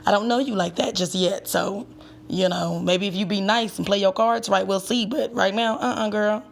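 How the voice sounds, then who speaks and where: A woman talks through a gossip recap in a chatty, sassy way. Her mid-pitched voice carries a gravelly edge, and she breaks off often for emphatic asides. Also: fairly even intonation, normal speed. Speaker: tarot reader and reality TV recapper. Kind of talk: casual commentary.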